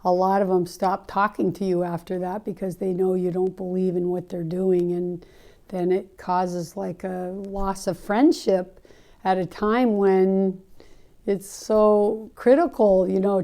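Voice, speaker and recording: A woman's voice: on the low side, dark tone. A woman hosting her own podcast as a natural health practitioner, telling a story in an earnest, heartfelt, rambling way. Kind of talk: casual storytelling monologue.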